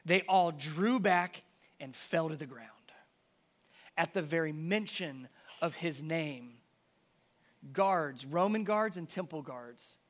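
A man preaching a sermon, emphatic, repeating key phrases and dropping to a hush for stress. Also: a little high.

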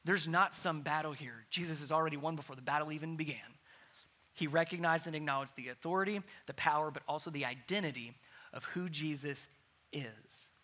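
A man preaching a sermon, animated, moving between loud emphasis and hushed, quiet points. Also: fairly high pitch, brisk. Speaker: pastor.

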